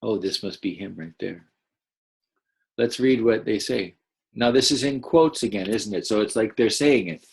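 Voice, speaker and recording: A man's voice: fairly low pitch, normal speed, gravelly, darkish tone, husky, poor audio. A man teaching first graders a read-aloud lesson, patiently explaining and asking the children questions.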